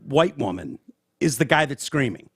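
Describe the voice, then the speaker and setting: A man's voice: mid-range voice, expressive, moderate pace, husky. A man co-hosting a casual podcast, reading news items aloud and explaining them with lots of swearing. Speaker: podcast co-host.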